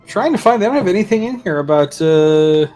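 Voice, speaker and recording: Man, 30s, stream guest, jokey, casual chat, fairly high voice. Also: lively intonation, a little fast, mellow, soft background music. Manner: jokey, laughs easily. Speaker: co-host guest.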